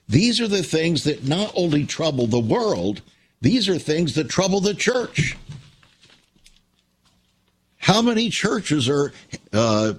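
Here a man with a mid-range voice gives a radio sermon, reading scripture forcefully and calling his listeners friends. He closes by asking for donations in his role as host of the ministry.

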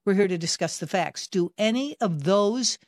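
A woman's voice: mid-range voice, lively intonation, normal speed, no echo. Emphatic woman hosting Christian talk radio. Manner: emphatic, conversational, building to pointed questions. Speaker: radio talk show host.

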